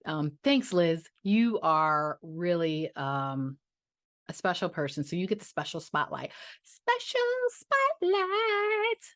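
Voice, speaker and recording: Woman budgeting vlogger: gushing casual chat, lower voice, dead-dry close recording. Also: unhurried, no echo. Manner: chatty and gushing, trailing off, with playful sung interjections.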